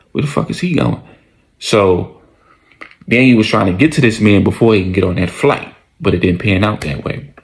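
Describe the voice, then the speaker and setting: A man narrating a storytime in loose, slangy, profane talk, often repeating his lines for emphasis. His voice sits low with a rough, gravelly texture.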